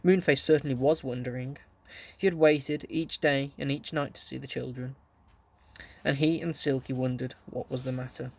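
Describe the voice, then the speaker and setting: A man reading a children's story aloud, gently telling it and lightly voicing the characters. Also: medium pitch, steady tone, moderate pace, gravelly. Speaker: audiobook reader.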